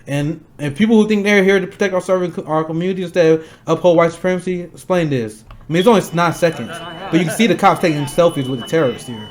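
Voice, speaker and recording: Heated, high-voiced male political streamer. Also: a little mellow. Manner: angry, blunt, swears often; fast, repeating himself to stress points.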